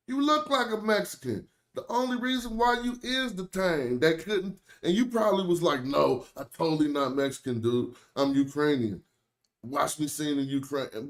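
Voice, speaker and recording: A young American man with an African American accent, streaming casual, joking commentary in loose slang. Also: a little high. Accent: African American English. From United States. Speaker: streamer host.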